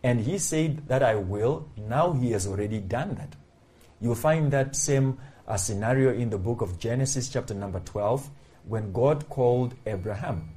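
A man's voice: medium pitch, animated, normal speed, dark tone. A male pastor delivering a sermon, emphatic and repeating key phrases for stress.

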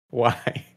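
A young man chatting casually as a podcast co-host, teasing and laughing often. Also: a bit bright. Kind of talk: casual chat.

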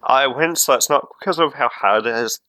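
A man's voice: medium pitch, brisk, pushed and bright, no room sound, poor audio. A man playing a character in a tabletop role-playing game, casually explaining backstory. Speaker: player.

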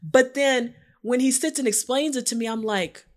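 A woman's voice: fairly high pitch, moderate pace. A woman co-hosting a podcast, talking in a casual, informal way and acting out her own thoughts as she tells a personal story. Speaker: podcast co-host. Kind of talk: casual conversation.

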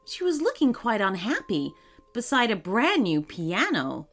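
A woman narrating a children's story in a gentle, expressive reading manner. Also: on the high side, unhurried. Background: faint music.

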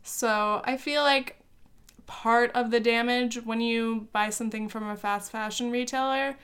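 With a steady tone and measured pace, a young woman hosts her own podcast, chatting casually solo while teasing herself, laughing, using fillers and sometimes swearing. Her voice is clean, fairly bright and on the high side.

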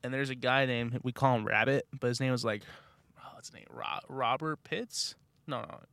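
A young man co-hosting a podcast, animated and laughing often as he tells a story. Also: medium pitch, moderate pace, no echo. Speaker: podcast co-host. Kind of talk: casual chat.

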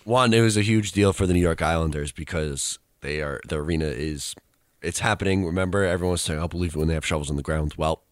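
A man's voice: low voice, fast talker, dry recording, clean studio sound. A young man co-hosting a casual chat, rambling through an anecdote and laughing as he tells it. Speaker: co-host, student radio reporter.

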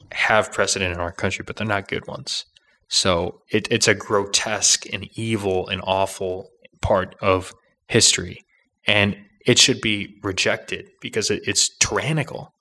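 This young podcast host speaks on the low side with a steady, sharp tone and a slightly slow pace. His political monologue is opinionated and combative, full of restarts, tangents and asides.

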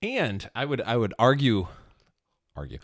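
A man with a mid-pitched voice whose pitch moves a lot as he explains things in a podcast chat. He slips in dry, wry asides. The sound is close and dry. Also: huge pitch swings, unhurried, no echo. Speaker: podcast co-host. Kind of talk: casual chat.

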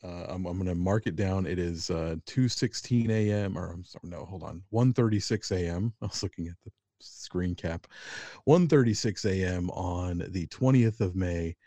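A man with a low, mellow voice chats easily on a casual podcast, joking along with his co-host. The recording is dry and close-miked. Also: normal speed, dry recording. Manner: laid-back, joking.

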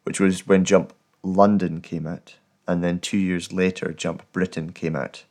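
Deep-voiced Scottish man. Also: level tone, measured pace, darkish tone. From Scotland. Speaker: guest. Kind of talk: casual interview conversation. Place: at home.

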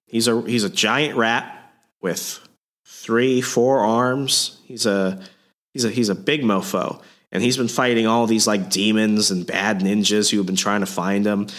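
Man, fairly low voice, laid-back profane podcast recapper. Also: fairly even intonation, a little slow, a bit bright. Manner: casual, profane, lots of fillers. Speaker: comic book podcast host. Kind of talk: casual chat.

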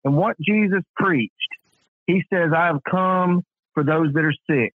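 A man's voice: fairly high pitch, unhurried, no room sound. A man calling in to a faith show, talking fervently and chiming in with affirmations. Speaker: caller. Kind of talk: phoned-in call-in conversation. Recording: tinny phone line.

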